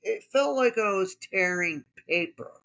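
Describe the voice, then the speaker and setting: Man podcast host, unhurried gravelly voice, wry casual storytelling. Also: high voice, animated, sharp tone.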